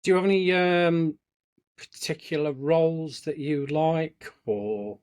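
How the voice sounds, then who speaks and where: A man hosting an interview, asking relaxed questions and prompting with tag questions. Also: on the high side, measured pace. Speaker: interviewer, host.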